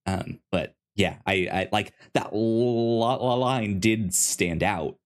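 A man co-hosting a podcast, chatting casually in a halting way with many restarts. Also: lowish voice. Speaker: podcast co-host. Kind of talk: casual discussion.

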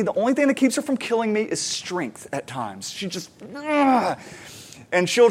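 A male pastor with a fairly high voice delivers a sermon in a loose, conversational way, scattering fillers as he talks. He shifts into lively, animated bits when retelling moments from home. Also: husky.

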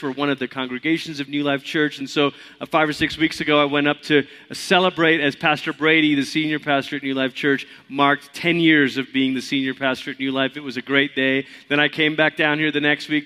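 A man's voice: fairly high pitch, pushed and bright. A male pastor opening a sermon in a church, speaking in a friendly, chatty, conversational way. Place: church sanctuary.

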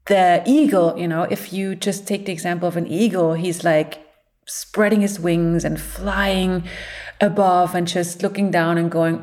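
A woman psychologist giving a motivational talk, playful and expressive, who laughs often and speaks in loose, encouraging phrases. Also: lowish voice.

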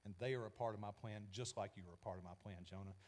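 A man preaching, speaking as God in a calm, firm and reasoning way. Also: fairly low pitch, quick pace, voice pushed down, lightly acted. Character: patient, merciful divine voice of God.

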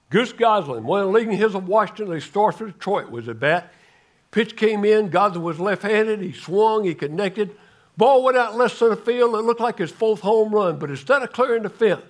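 An older man preaching a sermon, telling a story dramatically and swinging from loud calls to hushed words. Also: sits high. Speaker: guest preacher.

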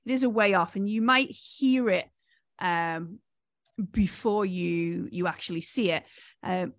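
A woman's voice: fairly low pitch, a little slow, no echo. Woman game master, hesitant delivery, dry close sound. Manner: hesitant, many fillers and restarts. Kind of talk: narrating a tabletop game.

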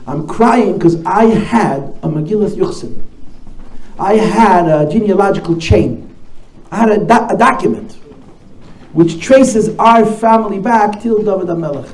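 Guy doing a crying mama, soft and sad, warm voice in an echoey room. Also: sits high, measured pace. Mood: sorrowful. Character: grieving mother, crying over a lost document. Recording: echoey room, faint noise.

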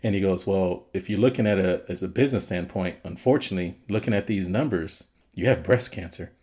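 Low-voiced man recapping a movie. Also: a little fast, dark tone. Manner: retells scenes with frequent laughter. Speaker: podcast co-host. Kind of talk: casual film review chat.

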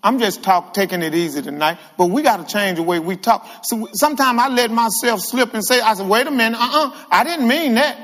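High-voiced, animated male preacher. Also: a little fast, hardly any pauses. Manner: animated, humorous, calls out to the congregation. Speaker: guest preacher. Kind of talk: lively church sermon. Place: church sanctuary with reverb. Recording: long hall reverb in church.

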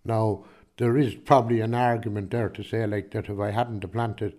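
A man's voice: lowish voice, level tone, moderate pace, warm tone. A man with a Kilkenny Irish accent, a farmer answering interview questions in a rambling, chatty way, full of restarts and "do you know what I mean". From Ireland.

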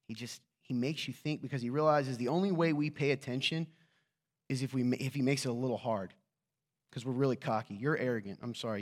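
Preaching to his congregation, a male pastor keeps things casual and conversational, teasing those in the pews. He uses rhetorical questions, and his ordinary-pitched voice moves between hushed asides and loud, excited bursts.

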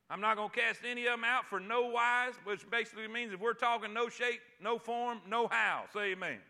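A man preaching a sermon, reading scripture slowly and calling on the congregation to answer back. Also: high voice, fairly even intonation, sharp tone. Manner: call-and-response preaching, repeats phrases; drawn-out emphatic scripture reading. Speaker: pastor.

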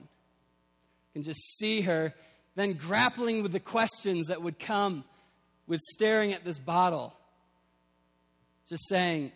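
A man's voice: sits high, slow pace, long pauses, fairly bright tone. A young man preaching a sermon, earnest and building to emphatic peaks. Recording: long hall reverb.

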